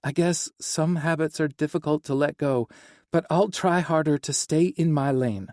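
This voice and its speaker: A breathless young woman, a worried and eager sister, speaking in a raised, lighter voice, as a male audiobook narrator puts her on. Her words come out hasty and anxious, in a warm, mellow tone. The recording is close and dry. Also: fairly high pitch, normal speed, dry recording, voice pushed up, lightly acted. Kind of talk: audiobook character voice.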